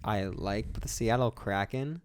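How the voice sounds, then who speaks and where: A young man co-hosts a sports chat and keeps steering the topics. He has a fairly low voice and an easy, loose delivery. He laughs often with his friends. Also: moderate pace, clean tone. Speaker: podcast co-host.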